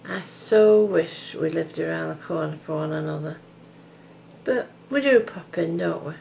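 Very creaky, slow-speaking older woman. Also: sits low, darkish tone, muffled recording, a little hiss or hum. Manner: slow, tender and devout, calls the listener love and darling. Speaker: video message sender. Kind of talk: heartfelt personal message.

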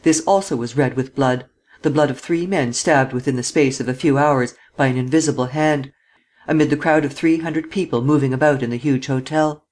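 A man narrating an audiobook of a detective novel in a measured storytelling manner. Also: medium pitch, darkish tone. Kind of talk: scripted narration.

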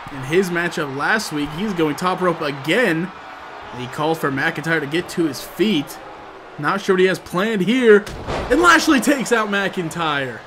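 A man doing sports-style play-by-play commentary, moving from steady calls to loud, shouted excitement. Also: sits high, background noise. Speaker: commentator for his own gameplay video.

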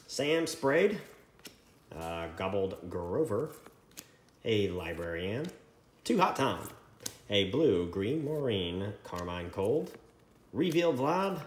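A man hosting a trading card break, reading out card names in a running list with quick asides. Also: on the low side. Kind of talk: casual card-opening commentary. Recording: echoey room with faint noise.

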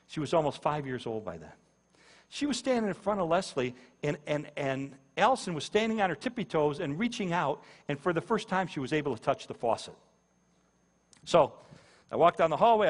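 A man's voice: on the high side, a bit bright, long reverb tail. A man giving a sermon-style personal testimony, telling his story vividly with repetition and acted quotes.

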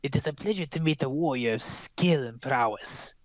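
A man's voice: medium pitch, moderate pace, no room sound, close to an everyday voice. A man voicing a crackly old crone seer. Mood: solemn. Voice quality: crackly, exaggerated emphasis on words. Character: old cackling crone fortune-teller, mysterious.

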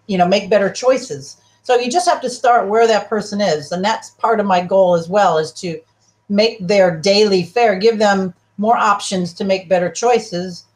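A woman talks casually as a guest on a talk show about her health practice. She is animated and keeps slipping into short acted-out exchanges with her clients. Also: mid-range voice. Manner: animated, acts out client dialogues.

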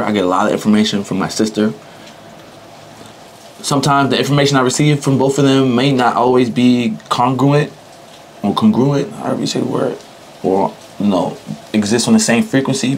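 A man's voice: mid-range voice, slight background noise, low-quality recording. A young man talking casually as an interviewee, in loose, slangy speech and often breaking into laughter. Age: young adult. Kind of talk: casual chat.

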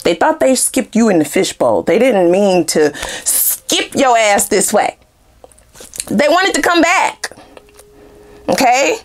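A woman tarot reader talks through a casual reading, animated and profane, often laughing. Her voice sits fairly high and leaps around expressively in pitch. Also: takes it slowly, pauses often.

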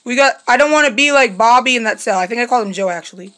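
A woman's voice: a little high, racing, a bit bright. A young woman playing a horror game on video, shrieking at each scare and then muttering to herself, her voice strained from screaming. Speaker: gaming YouTuber. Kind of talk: horror game let's play commentary.

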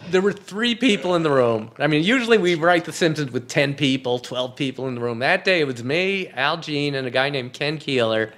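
A man's voice: fairly high pitch, animated, a little fast, few pauses, fairly bright tone. A man, a comedy writer, telling anecdotes as a podcast guest in a wry, joking way and laughing at his own punchlines. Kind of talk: anecdotal storytelling.

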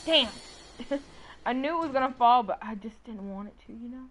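Young woman streamer, swears a lot, lively swinging pitch, light noise behind her. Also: normal speed. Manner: profane, exasperated, talks to chat. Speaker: gamer streamer. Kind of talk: casual gameplay commentary.

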